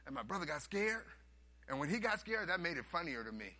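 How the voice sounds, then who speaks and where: A man preaching a sermon, telling a story and swinging from hushed asides to loud, animated bursts. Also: on the high side, fast.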